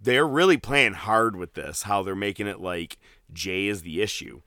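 A man tells stories with animated energy, slipping into quoted voices and swearing freely. His voice is bright and forward. The recording is dry and close, with no room sound. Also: on the low side, normal speed, no room sound. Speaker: podcast co-host. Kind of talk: casual wrestling recap chat.

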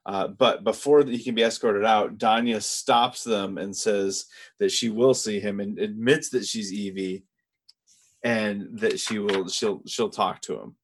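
A man with a fairly low voice talks through an episode recap in a relaxed podcast chat. He reads from his notes and keeps an easy, measured manner. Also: breathy edge. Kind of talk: casual chat.

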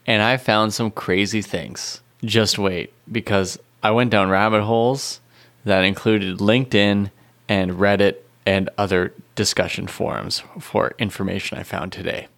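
A man's voice: on the low side, steady tone, a little slow, vocal fry, fairly bright tone. A man co-hosting a casual podcast chat, playful and teasing, laughing often. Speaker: podcast co-host.

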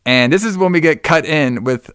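A man's voice: fairly high pitch, lively intonation, moderate pace, a bit bright, clear, resonant tone, no room sound, studio quality. Rambling, profane man recapping a movie. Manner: profane, rambling, acts out characters' lines. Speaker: podcast co-host recapping a movie. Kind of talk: casual chat.

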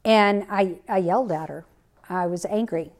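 A woman's voice: mid-range voice, moderate pace. A woman giving a personal, conversational devotional teaching as a podcast Bible teacher, with many fillers and restarts.

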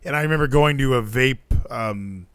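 A man's voice: mid-range voice, normal speed, smooth, dry recording. A man hosting a podcast, chatting casually and jokingly in a rambling way. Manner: rambling, animated, jokey. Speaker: podcast host.

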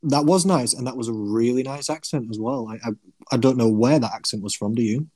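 A man's voice: medium pitch, a little fast, darkish tone. A man hosting a podcast, upbeat and laughing easily. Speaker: podcast host. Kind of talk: casual chat.

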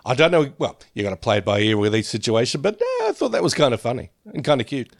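A man's voice: medium pitch, wildly swooping pitch, fast, vocal fry. A man co-hosting a podcast, chatting casually about a sitcom in a rambling, laugh-prone way. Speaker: podcast co-host. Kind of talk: casual chat reviewing a sitcom.

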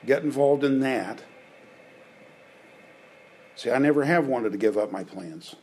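A man's voice: mid-range voice, darkish tone, a little hiss or hum, poor audio. A man preaching a conversational sermon, often checking in with his listeners. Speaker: pastor.

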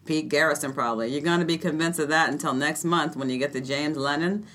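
A woman voicing a cocky young working-class male genius in a put-on Boston accent, delivering a scornful rapid-fire put-down. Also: sits low, a bit bright, pitched below the performer's own voice. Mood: mocking.

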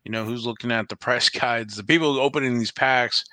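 A man with a bright, forward voice chats casually, rambling through fillers and acting out quotes. The sound is dry and close, with no room around it. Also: medium pitch, fairly quick, dry recording. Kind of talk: casual chat about trading cards.

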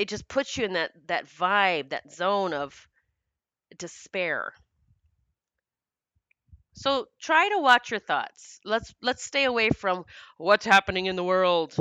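Bright, clear-voiced woman on spiritual talk. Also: medium pitch, no room sound, lo-fi sound. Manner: earnest, rambling, laughs often, swears casually. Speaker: spiritual podcast host. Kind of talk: casual spiritual monologue.

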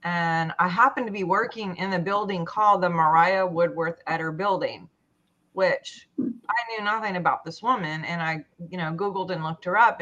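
A woman with a slightly low voice tells her own story in a group talk. She hesitates a lot and restarts her sentences, and the sound is dull and lo-fi. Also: a bit bright. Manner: halting, full of fillers and restarts. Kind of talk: personal story in a discussion.

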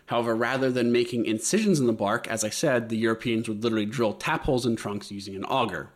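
A man's voice: medium pitch, fast talker. A man presenting a history topic in a casual podcast chat, explaining with many hesitant fillers.

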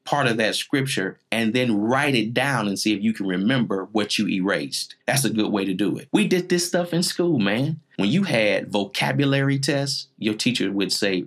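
A man's voice: lowish voice, lively intonation, normal speed, few pauses. A man in his forties preaching a teaching sermon in numbered points, emphatic and repetitive. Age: 40s.

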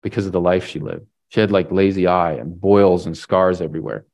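A man's voice: low-pitched, brisk, vocal fry, a little mellow. A man preaching a sermon, retelling a story in a casual way with lots of "like" and "right?". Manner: casual, filler-heavy retelling with frequent "like" and "right?".

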